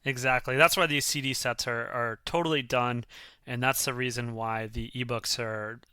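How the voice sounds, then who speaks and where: A man's voice: medium pitch, steady tone, normal speed, sharp tone, clean tone, no echo, studio quality. A man co-hosting a casual business podcast, agreeable and joking. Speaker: podcast co-host.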